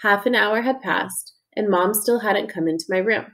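A woman's voice: medium pitch, normal speed, fairly bright tone. A woman narrating an audiobook in the first person as a young boy, plain and earnest.

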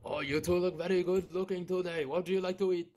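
A man's voice: high-pitched, steady tone, fast, a little mellow, close to an everyday voice. A man in a game roleplay doing a bossy put-on broken-English voice as a restaurant worker. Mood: fawning.

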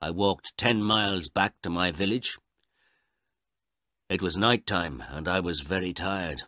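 Low-voiced man reading a story aloud. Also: bright, forceful tone, no echo, studio quality. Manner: slow, clear and deliberate. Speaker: narrator. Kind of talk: scripted storybook narration for learners.

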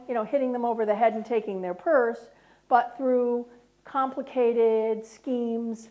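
A former prosecutor, a middle-aged woman, addresses listeners in a lecture room at an unhurried pace, talking with them directly. Her pitch sits a little high with a slightly mellow quality, captured on a low-quality recording.

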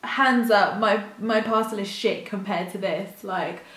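A woman's voice: medium pitch, measured pace, few pauses. Gushing woman vlogging in a roomy space. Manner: gushing, excitable and chatty. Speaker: YouTube vlogger. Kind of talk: casual unboxing vlog chat. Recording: roomy echo.

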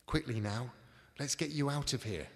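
A man reading aloud, voicing a brisk, impatient young female ghost. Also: medium pitch, vocal fry, fairly bright tone, pitched above the performer's own voice. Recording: live reading in a reverberant hall.

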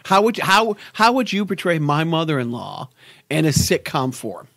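Middle-aged male co-host, slightly higher voice, dry sound, rambling stories. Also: big pitch swings, normal speed, gravelly, fairly bright tone, no echo. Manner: rambling storyteller, stammers and repeats. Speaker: podcast co-host. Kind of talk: casual chat.

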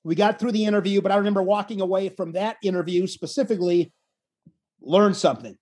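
Telling a story in a casual interview, a wrestling commentator comes across animated and self-deprecating, repeatedly restarting phrases. He has a high voice and a quick pace.

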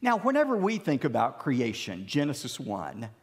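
Animated preaching man in a reverberant hall. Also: mid-range voice. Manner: emphatic preaching with dramatic pauses. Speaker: pastor. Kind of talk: sermon. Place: large church sanctuary.

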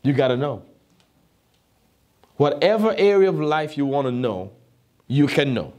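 In an unhurried, expressive mid-range voice with a somewhat dark tone, a pastor who isn't a native English speaker preaches. His sermon is full of emphatic repetition and repeated questions about whether people are listening.

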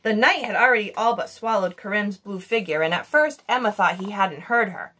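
A woman reading a children's chapter book aloud in an expressive storytelling manner. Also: medium pitch, fairly quick, slightly rough. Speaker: reader.

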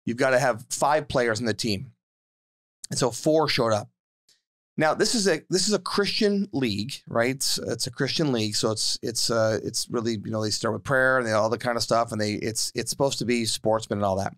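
A man in his forties co-hosting a podcast, telling a story in casual chat, repeating words and getting more excited as he goes. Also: normal speed. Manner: animated, repeats words and restarts, rises in pitch when worked up. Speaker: podcast co-host and youth basketball assistant coach.

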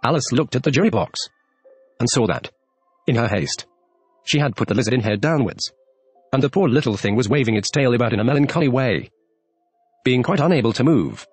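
A man's voice: mid-range voice, lively intonation, fairly quick, long pauses, husky, dry recording. A man narrating a classic storybook, reading expressively and giving the characters their lines. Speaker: audiobook narrator. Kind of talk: scripted narration. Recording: dry close mic, faint music behind.

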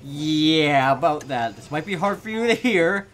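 Blunt male game doctor, read by a man, wry, lively pitch. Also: unhurried.

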